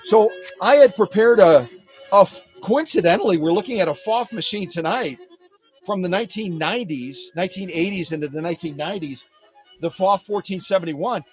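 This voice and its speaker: A man from Wisconsin hosting a casual live stream from his home workshop, chatting to his viewers in an animated way. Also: sits high, fairly quick, soft background music. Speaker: live-stream host of a sewing machine restoration channel.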